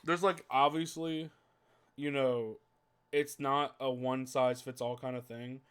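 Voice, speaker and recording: A man's voice: medium pitch, steady tone, takes it slowly, fairly bright tone, clear, resonant tone. A man hosting a casual podcast chat, talking in a heated, profane rant. He piles up "like" fillers as he goes. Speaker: podcast host.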